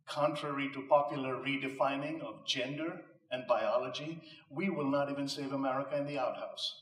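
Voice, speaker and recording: A man's voice: medium pitch, recorded from a distance. A man giving an emphatic, rhetorical inspirational speech to a live audience, mixing in punchline jokes. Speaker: motivational speaker. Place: live venue before an audience. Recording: echoey room, voice off mic.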